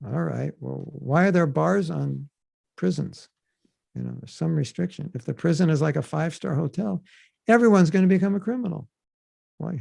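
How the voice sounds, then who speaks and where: Creaky-voiced man teaching casually. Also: on the high side, normal speed, no room sound. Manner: animated, acts out quoted voices. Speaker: podcast host teaching scripture.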